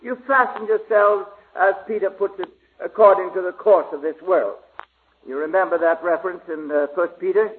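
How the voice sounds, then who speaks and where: Preacher, man, high voice, slow halting delivery, tinny lo-fi recording. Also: steady tone, a little hiss or hum. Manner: slow, halting, many pauses and fillers. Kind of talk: Bible study sermon. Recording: tinny phone-like old recording.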